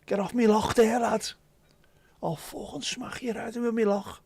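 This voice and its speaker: A man with a Liverpool accent voicing a rough, aggressive young Liverpool lad who swears and threatens. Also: high-pitched, level tone, measured pace, darkish tone, no room sound, pitched above the performer's own voice, heavily acted. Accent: Liverpool (Scouse).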